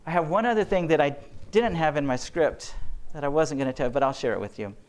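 A man's voice: a little high, a little fast. A man, a physician, giving a faith-based lecture to health workers, telling earnest stories and acting out the quotes. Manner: earnest storyteller, acts out quotes.

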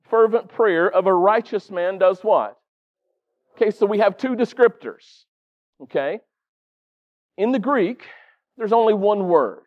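A man's voice: sits high, highs cut off. A middle-aged man preaching a sermon in a conversational way, often stopping to quiz the congregation.

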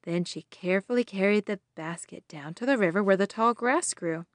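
A woman hosting a children's devotional podcast, telling a Bible story in a slow, sing-song way and asking the children questions. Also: medium pitch, dry recording.

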